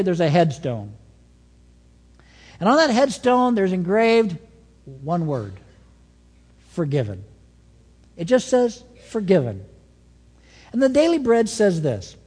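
A man preaching a sermon as pastor, telling stories with an animated delivery that swings between soft asides and emphatic points. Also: high voice, husky, big-room sound.

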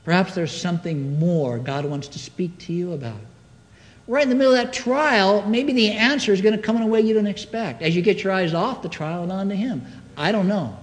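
Male pastor, expressive sermon delivery, higher voice with wide swings, long church-hall reverb. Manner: expressive preaching, call-and-response questions to the congregation. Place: church sanctuary.

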